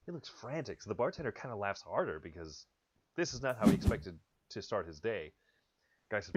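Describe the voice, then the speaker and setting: Lively, low-voiced man telling jokes. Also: brisk, muffled recording. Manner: playful joke teller. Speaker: board game player on stream. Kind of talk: casual game-stream chat.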